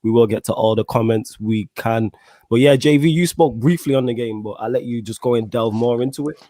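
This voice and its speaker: A man's voice: medium pitch, a little fast, mellow, no echo. A young man hosting a football podcast, upbeat and slangy, steering the talk. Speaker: podcast host. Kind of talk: casual podcast chat.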